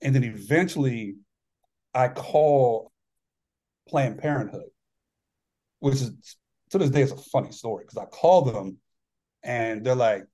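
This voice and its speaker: Here a male author and ex-athlete opens up on a podcast about his own life, earnest and reflective, performing the conversations in his story. His mid-range voice has lively intonation and a dark tone, moving at a measured pace with long pauses.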